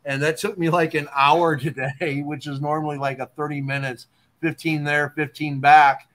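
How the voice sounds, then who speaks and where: A man hosting a casual talk show, explaining poetry terms in a relaxed way and checking in with "okay?". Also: a little high, moderate pace. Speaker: podcast host.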